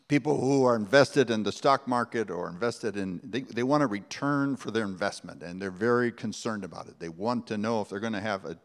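Man preaching in a reverberant hall. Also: fairly low pitch. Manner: earnest, conversational preaching with rhetorical questions. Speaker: pastor. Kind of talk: sermon.

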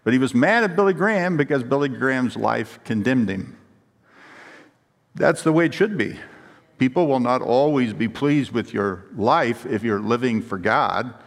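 A man's voice: medium pitch, lively intonation, moderate pace. A man preaching a sermon in a church sanctuary, his voice carrying a long reverb through the hall. He speaks emphatically, tells stories and puts rhetorical questions to the congregation. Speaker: pastor.

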